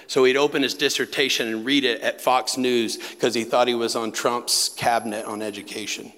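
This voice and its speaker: A man's voice: medium pitch, flat delivery, normal speed, fairly bright tone. A male pastor preaching a sermon, telling a personal story in a conversational way with emphatic asides. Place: retreat center meeting hall. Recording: long hall reverb.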